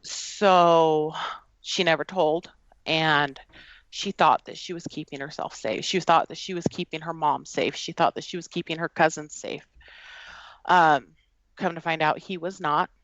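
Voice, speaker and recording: A podcast guest, a woman with a fairly low voice, shares a personal story earnestly and haltingly, using plenty of fillers. Her tone is steady and fairly bright, and the recording is dry and a little muffled.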